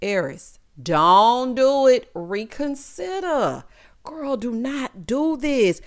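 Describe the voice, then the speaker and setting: A woman's voice: a little high, sing-song, takes it slowly. A woman giving a casual, sassy recap of a reality show, talking straight to her viewers.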